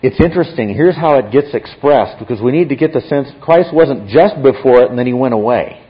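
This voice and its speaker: A man's voice: medium pitch, lively intonation, a little fast. A man teaching a Bible class, explaining step by step and often checking in with his listeners. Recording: dull lo-fi recording.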